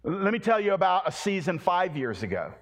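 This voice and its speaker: A man's voice: high voice, sing-song, brisk. A man preaching a sermon to a large congregation, impassioned, with repeated phrases and stammered restarts. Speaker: pastor. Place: large church hall. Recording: long reverb of a large hall.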